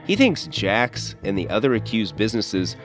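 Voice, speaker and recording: A man with a lowish voice narrates an investigative podcast in a measured, earnest manner. Soft music plays under him. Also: very animated. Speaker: podcast host and reporter.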